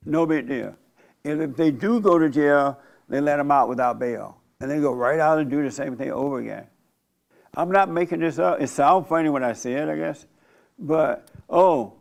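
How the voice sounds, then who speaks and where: A man's voice: on the high side, creaky. An older man, a pastor and show host, giving a blunt, provocative, conversational church talk.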